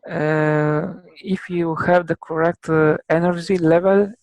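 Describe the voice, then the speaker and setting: A man with an Italian accent explaining a technical subject as a guest expert, halting often with filler sounds. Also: a little high, fairly even intonation, no echo, poor audio. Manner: halting, many filler pauses.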